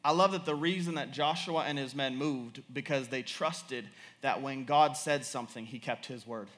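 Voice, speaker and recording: A young man preaching a sermon in an animated, repetitive style, laughing as he tells stories about his daughter. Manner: animated, repetitive, quick to laugh and rise in pitch.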